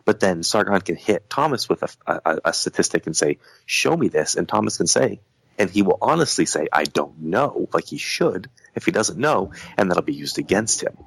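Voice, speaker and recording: A man's voice: low-pitched, expressive, brisk, gravelly, breathy edge, no room sound, poor audio. A man in a casual podcast conversation, talking in a heated, rambling way with lots of restarts. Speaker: podcast guest.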